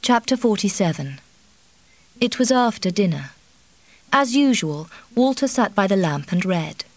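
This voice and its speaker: A woman reading a novel aloud as an audiobook narrator, in a measured, even way. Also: medium pitch, dry recording. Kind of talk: scripted narration.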